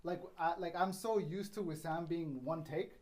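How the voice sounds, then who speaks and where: A man's voice: on the high side, normal speed, crowd noise. A man on a casual team video call, joking around with colleagues. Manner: joking, laid-back.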